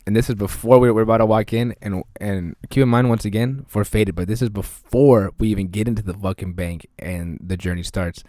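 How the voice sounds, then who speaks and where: A man's voice: fairly low pitch, a little fast, few pauses, no room sound, clean studio sound. A man co-hosting a casual podcast, telling stories with lots of swearing and acted-out voices. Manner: swears constantly, animated storyteller who acts out voices. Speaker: podcast co-host. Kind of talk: casual chat.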